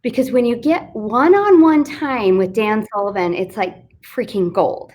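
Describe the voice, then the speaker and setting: A woman from Texas with a fairly high voice spins a candid story about her work as a business coach. She talks in a chatty, self-deprecating way, as if to a friend. The sound comes from a live online video stream. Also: a little slow, a little mellow. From Fort Worth, Texas. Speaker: author and business coach guest. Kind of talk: casual storytelling interview.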